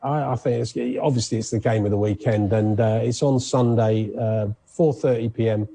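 A man's voice: on the low side, moderate pace, creaky, husky. A man presenting sports news in a chatty, conversational way on radio. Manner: chatty, conversational, animated asides.

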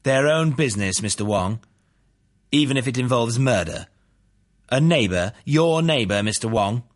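A forceful courtroom prosecutor with a raised, insistent pitch, pressing every question home, as a man with a husky voice puts him on. His voice has a breathy grain under the pushy delivery. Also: moderate pace, natural voice.

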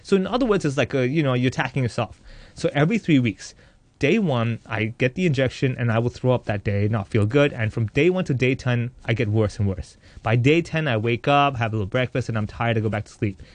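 A man in his thirties, an interviewee, telling his own life story in a candid, animated way with a joking streak. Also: medium pitch, a little fast, dry recording. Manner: animated, joking, acts out voices in quotes.

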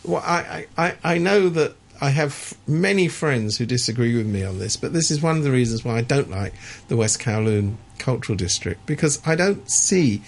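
Sardonic male pundit, gravelly and husky, emphatic with frequent restarts. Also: mid-range voice, expressive, moderate pace. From Hong Kong resident. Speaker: political commentator. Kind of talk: opinionated discussion.

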